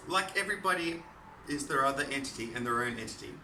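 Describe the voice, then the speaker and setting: Australian man, sharp-toned, wandering solo monologue in a reverberant room. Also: mid-range voice, expressive, quick pace, far from the mic, slight background noise. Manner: disjointed, repetitive, stream-of-consciousness. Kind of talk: rambling solo monologue to camera.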